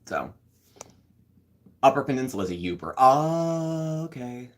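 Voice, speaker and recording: A man's voice: mid-range voice, big pitch swings, a little slow. A man hosting a casual live stream, rambling along and answering viewer comments as they come in. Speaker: host.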